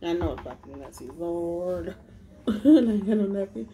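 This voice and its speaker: A woman's voice: lowish voice, expressive, moderate pace, warm tone. Chatty woman eating on camera, noisy home. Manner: chatty, addresses viewers as y'all, smacks and hums while eating. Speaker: food vlogger. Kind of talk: mukbang eating vlog, casual chat. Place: at home with her family. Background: a baby crying and household noise.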